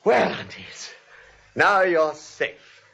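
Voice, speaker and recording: An actor playing a flustered young nephew who stammers, with a husky voice, in a vintage radio play. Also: male voice, fairly high pitch, animated, drawn-out words, a bit bright, heavily acted. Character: flustered young nephew, nervous and fast-talking. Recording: muffled vintage radio broadcast.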